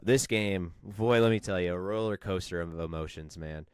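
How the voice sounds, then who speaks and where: Young guy cohosting a sports pod, low smooth voice, dry close sound, jokey and laughing. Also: no room sound. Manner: joking, laughs often, fast restarts. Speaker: podcast co-host. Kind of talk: casual sports chat.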